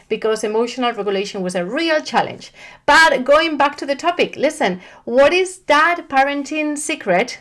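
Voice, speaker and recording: A woman in her thirties, a parent coach, talking casually to camera in a chatty, animated way with frequent restarts. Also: on the high side.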